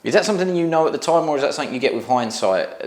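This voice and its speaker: A man's voice: fairly high pitch, animated, rapid-fire. A man interviewing a boxer, asking long questions made of several parts. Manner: asks long multi-part questions. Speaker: sports interviewer. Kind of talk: sports interview.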